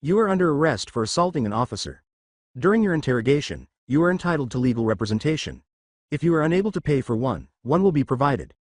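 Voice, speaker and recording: A man voicing a calm young American hero officer who talks with dry understatement. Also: medium pitch, fast, dry recording. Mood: firm.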